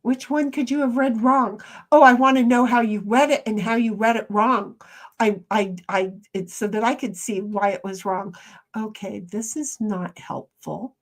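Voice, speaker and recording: A woman live streamer chatting casually and reading viewer comments aloud, rambling with frequent restarts and soft trailing asides. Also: fairly high pitch, normal speed.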